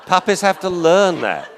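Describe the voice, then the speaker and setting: A man lecturing on dog behavior over video footage. He is animated and chuckling, and acts out the dogs' voices. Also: medium pitch, background noise.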